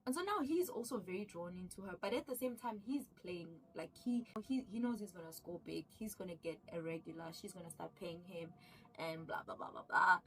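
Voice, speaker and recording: A woman casually recapping a drama series, excitable and animated, acting out the characters' lines as she goes. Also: on the low side, brisk, recorded from a distance, slight background noise, low-quality recording. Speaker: show recapper.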